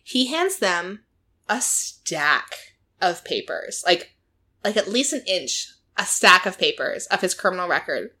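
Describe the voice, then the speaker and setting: Bright-voiced woman retelling a show. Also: on the low side, a little slow. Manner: animated storytelling, quoting people, laughing often. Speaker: podcast co-host recapping a reality show. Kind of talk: casual chat.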